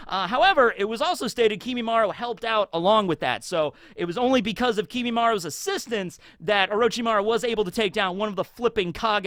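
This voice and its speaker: A man hosting his channel, giving a casual, excitable anime commentary and tagging his sentences with "okay?". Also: high voice, dry recording. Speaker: YouTube host.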